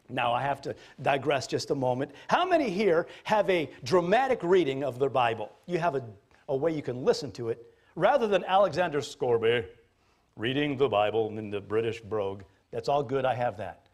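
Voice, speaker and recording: A man, a pastor, preaching a sermon in an animated, jokey storytelling manner. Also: mid-range voice, normal speed.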